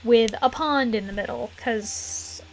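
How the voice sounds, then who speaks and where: A woman's voice: on the high side, slow, a little hiss or hum. Chatty, giggly woman streaming a game. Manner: chatty, giggly, rambling with many fillers. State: throat getting a little rough. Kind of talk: casual live-stream chat while playing. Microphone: desk mic in a closed room.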